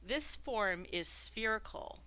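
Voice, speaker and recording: Bright-voiced woman running a tabletop game. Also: medium pitch, expressive, slow, clean tone. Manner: laughs often, descriptive narration. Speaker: dungeon master.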